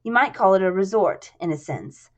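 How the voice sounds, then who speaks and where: A woman doing a smooth, authoritative businessman. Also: mid-range voice, animated, moderate pace, dull audio, natural voice. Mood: persuasive.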